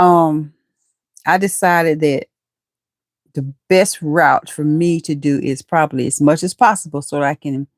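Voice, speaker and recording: A woman's voice: low-pitched, a little mellow, dry recording, studio quality. A middle-aged woman hosting a casual livestream from her home computer, chatting in a folksy way and greeting viewers by name. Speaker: livestream host.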